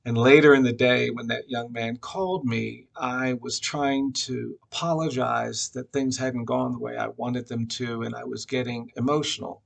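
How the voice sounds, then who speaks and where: A man giving a reflective personal tribute at a memorial, telling a story with frequent pauses and fillers. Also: mid-range voice, steady tone, vocal fry. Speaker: memorial speaker.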